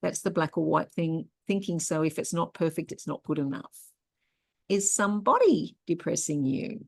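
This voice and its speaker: A woman's voice: low voice, lively intonation, normal speed, vocal fry. A middle-aged woman hosting an online workshop, teaching in a conversational way and telling personal stories. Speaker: workshop host and therapist.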